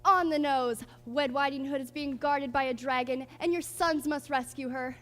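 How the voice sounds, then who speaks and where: A woman's voice: high-pitched, moderate pace, a bit bright. A woman playing a sly, lisping schemer in a stage musical. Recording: theater stage, long reverb.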